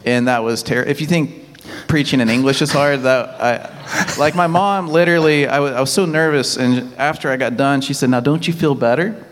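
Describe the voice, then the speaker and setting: A missionary pastor from Texas, speaking with a Texan accent and reporting on his church work in a halting way, with many restarts and easy laughs. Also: medium pitch. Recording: long hall reverb.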